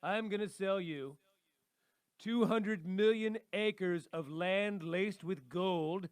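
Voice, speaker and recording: A man putting on a boastful older con-man salesman in a toupee, who brags loudly and stretches his words out slowly. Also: high-pitched, clear, resonant tone, dry recording. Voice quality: loud, drawn-out bragging delivery.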